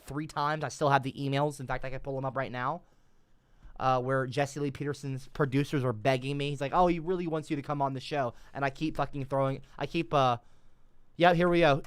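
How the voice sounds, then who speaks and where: Profane, rambling male streamer, bright voice. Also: mid-range voice, clear, resonant tone, dry recording. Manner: profane, sarcastic, rambling, trails off mid-sentence; swings between mumbling and loud outbursts. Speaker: livestreamer. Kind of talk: rambling livestream commentary.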